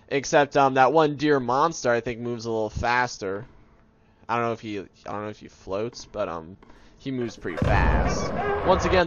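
A young man casually commenting on a horror game as he plays, joking and talking to a monster as if it were a pet dog. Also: mid-range voice. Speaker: gaming video host. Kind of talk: let's play commentary. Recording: dull lo-fi sound with background noise.

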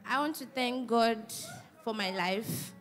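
A woman's voice: a little high, slow, soft background music. A woman in her twenties giving an earnest, grateful testimony in church. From Nigeria. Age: 20s. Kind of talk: personal testimony at church service.

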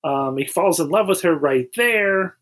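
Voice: mid-range voice, animated, unhurried, a bit bright. A podcast co-host who recaps a plot matter-of-factly, with plenty of "um" and "uh". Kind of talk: casual chat.

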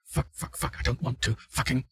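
An actor playing a frightened male test subject in an audio drama, husky and prone to swearing. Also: medium pitch, moderate pace, lightly acted. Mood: panicked. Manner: swearing, panicky.

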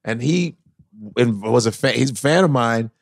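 Gravelly comedian telling stories. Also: male voice, medium pitch, moderate pace, no echo, studio quality. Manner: animated, cursing, lots of impressions. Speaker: comedian guest. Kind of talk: casual podcast storytelling.

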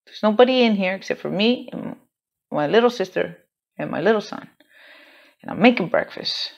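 A woman's voice: mid-range voice, lively intonation, moderate pace, gravelly. A woman telling a personal story in a candid, rambling way, swearing freely and restarting her sentences. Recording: dull lo-fi home recording.

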